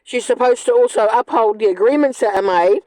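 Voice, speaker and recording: A woman's voice: a little high, a little fast, mellow, no echo, poor audio. A woman, ranting angrily and bluntly in a monologue, swearing often. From New Zealand. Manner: angry, blunt, profane. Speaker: vlogger.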